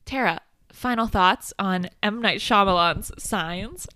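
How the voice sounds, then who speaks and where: A woman's voice: mid-range voice, takes it slowly, sharp tone, no room sound, studio quality. A young woman co-hosting a podcast, chatting enthusiastically about a movie, laughing and swearing freely. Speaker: podcast co-host. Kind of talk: casual movie chat.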